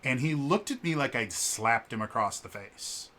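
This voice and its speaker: A man recounts a story for his vlog in a casual, animated way. His voice is bright and forward, sitting at an ordinary pitch. He stammers and restarts often and jumps up in pitch to act out what others said. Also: moderate pace. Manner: animated, acts out quoted lines with shifts in pitch; frequent fillers and stammered restarts. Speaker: vlogger.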